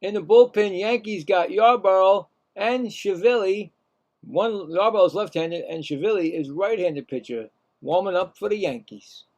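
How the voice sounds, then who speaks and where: A man giving casual, rambling live baseball play-by-play, chatting to himself between pitches and rising sharply in pitch on the calls. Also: unhurried, a little mellow. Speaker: play-by-play commentator.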